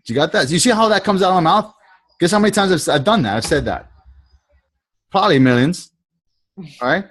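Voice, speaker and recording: A man's voice: fairly high pitch, expressive, quick pace. A man leading a group video call as a sales trainer, talking casually, rambling and often restarting and repeating his phrases. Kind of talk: casual coaching talk.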